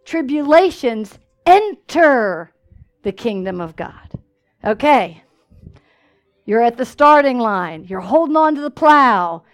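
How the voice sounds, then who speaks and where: A woman preaching a sermon in a church, telling stories with lively call-and-response asides. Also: a little high, slow pace.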